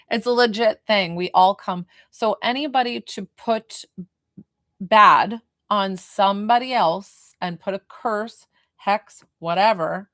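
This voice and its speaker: A woman who works as a medium, chatting casually on a livestream and answering her viewers' questions in a lively way. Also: medium pitch, dry recording, clean studio sound. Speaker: medium doing live readings.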